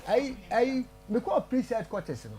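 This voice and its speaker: Lively man caller telling a story. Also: very high-pitched, moderate pace, faint music behind. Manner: lively, retelling events at length. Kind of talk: call-in phone story.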